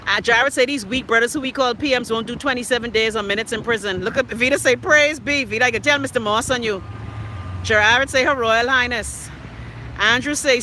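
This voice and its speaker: A woman hosts a casual live stream from a city street and reads her viewers' comments aloud. She teases and banters with them in an animated way. Her voice is piercingly bright and tense, with faint street noise behind her. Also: on the high side, poor audio. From Bahamas. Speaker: livestream host reading viewer comments.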